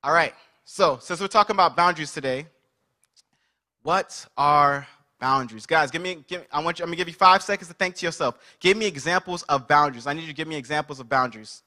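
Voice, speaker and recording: Male preacher, higher register, sharp, bright tone, energetic congregation-prompting sermon delivery. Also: quick pace. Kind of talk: interactive sermon.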